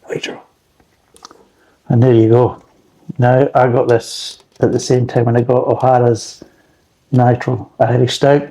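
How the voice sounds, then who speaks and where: A man's voice: medium pitch, gravelly, warm tone, rough recording. A man reviewing beer in a rambling, blunt casual chat, swearing freely.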